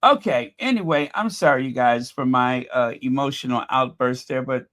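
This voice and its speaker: A man's voice: medium pitch, moderate pace, hardly any pauses, a bit bright. A man hosting a casual live commentary stream, chatty and exasperated, thinking aloud as he talks to his viewers. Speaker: livestream commentary host.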